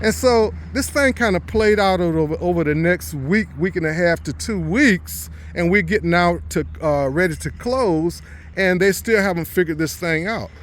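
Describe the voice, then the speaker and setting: A real estate investor with a high voice tells a story about a deal, speaking deliberately and stressing key words as he quotes the people involved.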